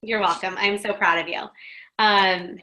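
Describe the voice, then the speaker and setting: A woman hosting a coaching presentation, closing with an encouraging, persuasive pitch to her listeners. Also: steady tone, measured pace, pushed and bright.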